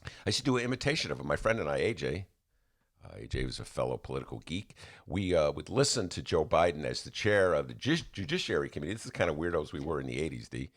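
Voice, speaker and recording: A man's voice: a bass voice, fast talker. A man hosting a casual studio podcast, his voice swinging widely up and down as he jokes. He keeps slipping into impressions. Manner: animated, jokey, slips into impressions. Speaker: podcast host. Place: radio studio.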